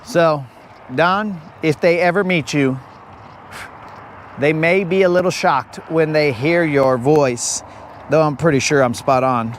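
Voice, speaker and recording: Man, fishing stream host, unhurried teasing banter, higher voice, light background hum outdoors. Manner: joking, teasing, playfully rambling. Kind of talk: casual live-stream chat to viewers. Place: outdoors on a lake.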